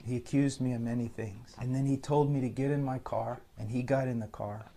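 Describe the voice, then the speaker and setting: A man preacher telling a personal story with mounting energy, acting out the quoted exchanges and getting louder as it goes on. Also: medium pitch, fairly quick, creaky, slight background noise. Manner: builds from calm to loud, laughing retelling. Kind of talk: animated storytelling.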